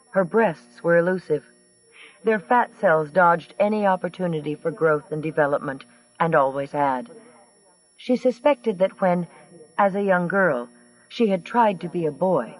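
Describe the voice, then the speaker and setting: Brief: male audiobook narrator, dry delivery, a bit high, recorded off-mic. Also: recorded from a distance, low-quality recording. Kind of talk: scripted narration.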